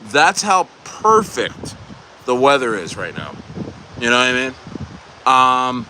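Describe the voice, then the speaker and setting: Young dude rambling on a stream, ums and you knows, mid voice, loud wind on the mic. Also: male voice, mid-range voice, big pitch swings, takes it slowly, rough recording. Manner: rambling, heavy on fillers. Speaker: livestream host. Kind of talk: casual livestream chat. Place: outdoors at a beach. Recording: loud outdoor wind noise.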